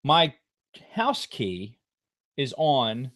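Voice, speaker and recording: A middle-aged man co-hosting a podcast, telling a long story in a casual, profane way with loud outbursts. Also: mid-range voice, sing-song, drawn-out words. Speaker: podcast co-host.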